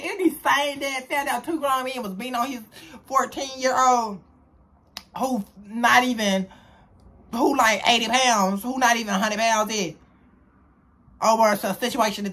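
Young male storyteller, husky voice, animated vlog delivery with loud and hushed swings. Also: extremely high pitch. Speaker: storyteller vlogger.

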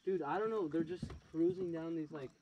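A young man talks in an offhand, matter-of-fact way while fishing from a boat. His voice sits a little high, with faint outdoor noise behind it. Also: a little fast, dull audio. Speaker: fishing buddy. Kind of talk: casual chat.

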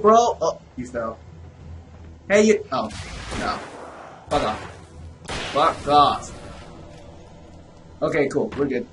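A young man giving casual let's play commentary on a horror game, excitable and swearing, trash-talking the enemies with jokey running remarks and sudden yelps. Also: medium pitch, takes it slowly, pauses often, slight background noise. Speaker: gamer playing a horror game.

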